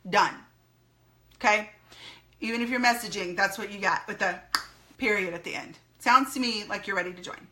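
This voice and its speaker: A woman's voice: mid-range voice, normal speed, pushed and bright. A woman giving an upbeat recorded training talk to her sales team, repeating key phrases as she coaches.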